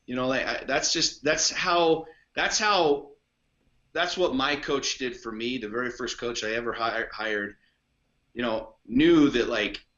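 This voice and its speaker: A man's voice: mid-range voice, measured pace, a bit bright, lo-fi sound. A man talking as a podcast guest and coach in casual conversation, blunt, emphatic and heavy on profanity.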